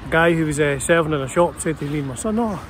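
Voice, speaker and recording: A man's voice: fairly high pitch, fairly even intonation, fast talker, a little hiss or hum. A man in his fifties with a Scottish accent, hosting his guitar channel in a chatty, meandering way with many fillers. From Scotland. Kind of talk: casual rambling vlog talk. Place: small city park outdoors.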